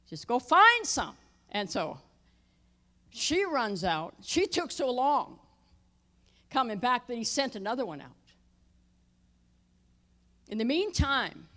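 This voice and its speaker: A middle-aged woman pastor telling a personal story in a sermon, dropping her voice low for tense moments and rising loud for emphasis. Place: church sanctuary.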